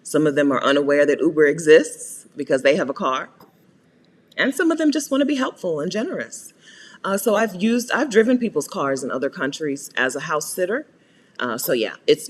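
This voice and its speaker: Chatty American woman, lively voice. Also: very deep voice, breathy edge, long reverb tail. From United States. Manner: chatty, laughs often, greets viewers by name. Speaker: host answering viewer questions. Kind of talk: live Q&A chat.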